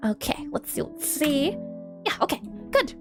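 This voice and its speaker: A woman's voice: high-pitched, sing-song, a little slow, faint music behind. A woman live-streaming her game coding, thinking aloud as she types, spelling words out and answering her chat in a casual, chatty way.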